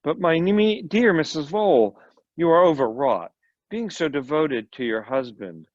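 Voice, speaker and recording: A man reading the lines of a quiet, hesitant male lawyer in a story. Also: a little high, lively intonation, unhurried, no room sound, voice pushed up. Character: careful middle-aged male lawyer. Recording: dull lo-fi recording.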